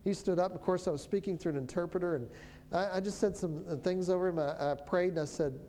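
A minister telling a story of prophesying over people, in a relaxed conversational way that often stops and restarts. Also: medium pitch, fast, a little hiss or hum. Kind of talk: storytelling testimony.

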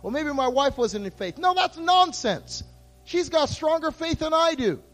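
A man preaching a sermon to his church, his voice moving between hushed, intimate passages and loud, impassioned outbursts. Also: extremely high pitch, big pitch swings, moderate pace, soft background music. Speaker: pastor.

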